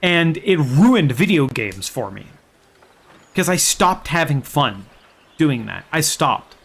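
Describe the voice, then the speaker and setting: A young man telling game stories in a casual, excited and profane way as a streamer. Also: a little high, slow pace, gravelly, husky. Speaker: gaming streamer. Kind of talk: casual chat.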